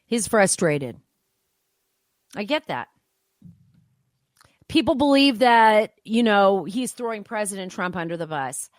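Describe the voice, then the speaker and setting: A woman's voice: medium pitch, animated, takes it slowly, pauses often, no echo, clean studio sound. A woman hosting political opinion commentary, talking in an impassioned, emphatic way.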